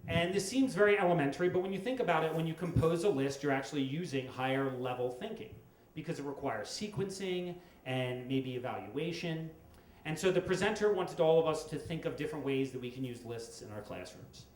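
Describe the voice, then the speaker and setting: Wry middle-aged man telling stories live. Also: fairly high pitch. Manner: wry, with dramatic pauses. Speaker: storyteller at a story slam. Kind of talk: live comic storytelling. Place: stage at a live storytelling event. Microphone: stage microphone. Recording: echoey live room with faint noise.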